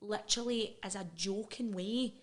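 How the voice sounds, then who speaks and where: Speaking at a normal speed with a mid-range, fairly level intonation, a Scottish woman in her thirties talks about her own life as a podcast guest. She's frank and emotional, and she keeps restarting sentences throughout this candid interview.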